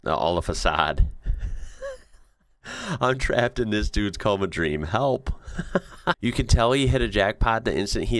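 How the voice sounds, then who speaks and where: A man hosting a casual reaction video, excitable and slangy, laughing often as he comments on clips. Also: low voice, clear, resonant tone, dry recording, clean studio sound.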